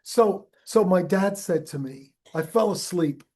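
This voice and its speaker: An older man with a northern English accent, telling animated stories as an interview guest in a music museum, swearing freely and acting out quoted voices. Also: high-pitched, unhurried. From Northern England. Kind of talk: casual storytelling interview.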